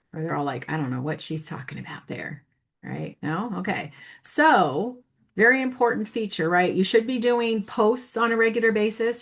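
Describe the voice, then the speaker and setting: A middle-aged woman teaching a marketing workshop, chatty and animated, telling stories and tagging her points with "right?". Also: lowish voice. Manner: chatty, animated storyteller, frequent "right?" tags. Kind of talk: webinar teaching with anecdotes.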